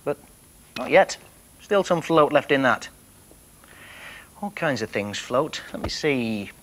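A man presenting a children's television programme, talking gently and playfully to young viewers as he floats toy boats. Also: medium pitch, animated, slow pace, low-quality recording.

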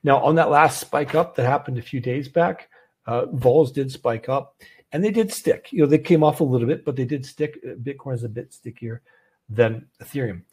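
A man's voice: medium pitch, normal speed, darkish tone, slightly rough. A man hosting a casual options trading call, talking through a trade and putting questions to his audience. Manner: conversational, many fillers, poses questions to audience. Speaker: trading community host.

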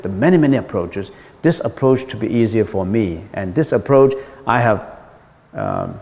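A Buddhist monk gives a dharma lecture to his listeners, his pitch swinging widely as he poses questions and repeats key phrases for emphasis. He is a man with a mid-range voice. His words ring out with a long reverb, as in a large temple hall. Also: vocal fry, a little mellow.

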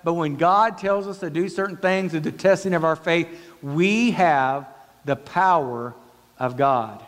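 A man preaching a sermon as pastor, retelling a story and acting out its dialogue with big swings in pitch. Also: a little slow, fairly bright tone. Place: church sanctuary. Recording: long church hall reverb.

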